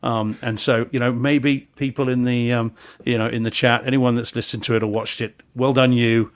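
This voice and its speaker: A man's voice: medium pitch, flat delivery, normal speed, smooth. A man co-hosting a home theater podcast, casually and emphatically reviewing a film with many restarts and laughs. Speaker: podcast co-host reviewing films. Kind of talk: casual live-stream chat.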